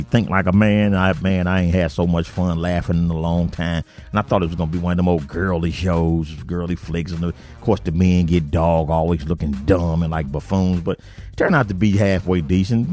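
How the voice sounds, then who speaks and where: Slangy St. man, low voice. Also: dark tone. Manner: slangy, rambling, peppered with "man" and "y'all". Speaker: podcast host. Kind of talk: casual storytelling monologue. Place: basement.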